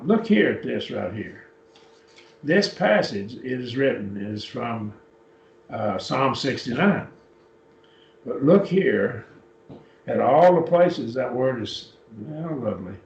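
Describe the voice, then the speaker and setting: A man's mid-range, darkish voice with vocal fry explains Greek word forms in a Bible class, going step by step at an unhurried pace as he works a computer. Slight background noise accompanies the lecture, recorded in an echoey church classroom through a distant mic with dull, lo-fi quality.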